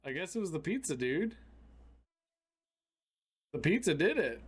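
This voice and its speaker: A man's voice: on the high side, big pitch swings, unhurried, husky. Joking podcast co-host man. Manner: joking, playful wordplay. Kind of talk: casual chat.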